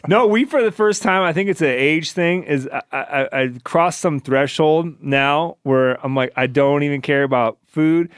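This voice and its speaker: Matter-of-fact man with a higher voice. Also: normal speed, hardly any pauses, clean tone, dry recording, studio quality. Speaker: podcast guest. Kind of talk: casual chat.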